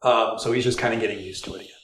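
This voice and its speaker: A man's voice: fairly low pitch, fairly even intonation, very fast, fairly bright tone. A man narrates a tabletop game as its game master, casual and full of small restarts. The room sounds echoey, with a light hiss underneath. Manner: conversational, with fillers and self-corrections. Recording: echoey room, faint noise.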